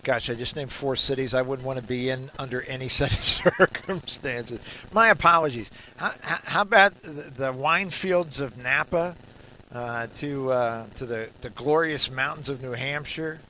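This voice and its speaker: A man hosting a radio talk show live from a garden store, chatting in a rambling, jokey way with frequent filler pauses. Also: medium pitch, pushed and bright, a little hiss or hum, low-quality recording. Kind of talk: casual radio chat.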